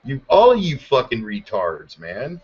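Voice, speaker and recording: Man, angry sarcastic rant, heavy cursing, mid pitch, dull lo-fi sound. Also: wildly swooping pitch, a little slow, breathy edge. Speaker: podcast host. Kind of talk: profane political rant. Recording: muffled lo-fi audio.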